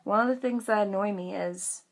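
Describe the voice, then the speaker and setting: A woman's voice: mid-range voice, moderate pace. A teenage woman ranting in a casual vlog, chatty and sassy, full of "like" and playful mocking voices. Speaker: vlogger.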